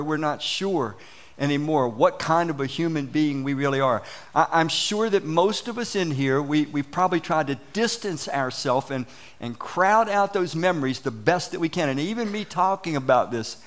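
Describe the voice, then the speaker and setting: A man's voice: fairly high pitch, fairly bright tone. A middle-aged man preaching a sermon to his church in a conversational way, asking the congregation questions and chuckling at his own stories. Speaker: pastor. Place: church sanctuary.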